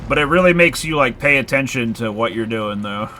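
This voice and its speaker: A man's voice: mid-range voice, animated, a little fast, sharp tone, slight background noise. A man casually chatting while he streams a horror game live, rambling with lots of filler words and casual swearing. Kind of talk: casual live gameplay chat.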